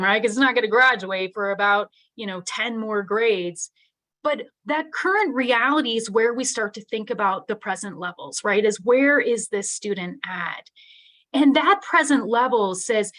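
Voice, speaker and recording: A middle-aged woman delivers a webinar keynote in an earnest, conversational way. Her voice sits a little on the high side. She keeps checking in with her listeners. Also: fairly bright tone. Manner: earnest, conversational, tag questions. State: teary-eyed. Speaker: keynote speaker.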